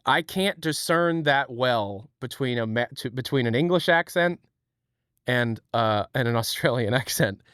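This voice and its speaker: A man's voice: medium pitch, expressive, unhurried, a bit bright, clear, resonant tone, no room sound, studio quality. A young man from Ohio, chatting on a livestream in a rambling, self-deprecating way. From Ohio, USA. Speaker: streamer. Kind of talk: casual livestream chat.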